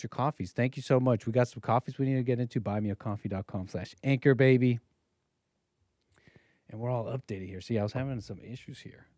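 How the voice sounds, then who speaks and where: A man's voice: mid-range voice, darkish tone, no room sound. Chatty male live-stream host, dry sound. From United States. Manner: chatty, jumps between topics. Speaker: livestream host. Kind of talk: casual live-stream talk.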